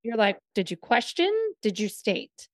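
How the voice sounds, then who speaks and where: A woman co-hosting a casual chat, explaining advice in a measured, steady way. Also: medium pitch, no echo, studio quality. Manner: measured, explanatory, gives tips. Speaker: co-host.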